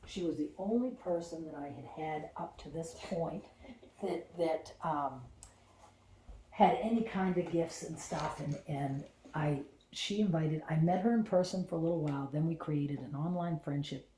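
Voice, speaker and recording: A middle-aged woman with a low, mellow voice tells a personal story with animation, and her quieter asides slip into a hush. The sound is roomy, with a clear echo around her. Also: moderate pace, slight background noise. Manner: animated, drops into hushed whispers for inner thoughts. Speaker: host and spiritual channeler.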